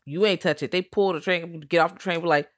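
A lively woman co-host, talking through a film in loose, profane chat and breaking into voiced quotes. Her voice sits fairly low for a woman. The sound is dry and close, with no room around it. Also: brisk, no echo. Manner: animated, profane, acts out quotes in shrieks. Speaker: podcast co-host. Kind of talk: casual film discussion.

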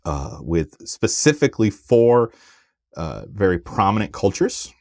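A man with a low voice co-hosts a laid-back podcast. His pitch rises and falls a lot as he talks in an animated way, tripping over fillers and restarts. The recording is dry. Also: a little slow, no echo. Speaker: podcast co-host. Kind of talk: casual chat.

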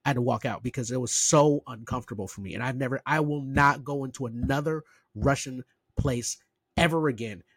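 A man co-hosting a podcast, telling a story in a loose, rambling way, full of restarts and lively impressions. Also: medium pitch, fairly quick, breathy edge, dry recording. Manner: rambling, self-interrupting, animated impressions. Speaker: podcast co-host. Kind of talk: casual chat, storytelling.

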